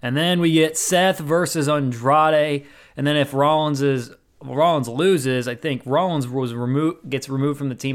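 A man's voice: medium pitch, clean tone. A man hosting his own wrestling review show, recapping matches in a rambling, casual way with many fillers and restarts.

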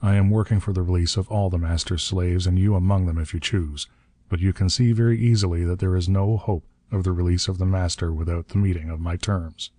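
A man's voice: low-pitched, steady tone, a little fast, mellow, dry recording, clean studio sound. A man voicing a hard, cold-nerved hero who snarls threats, then turns coldly polite.

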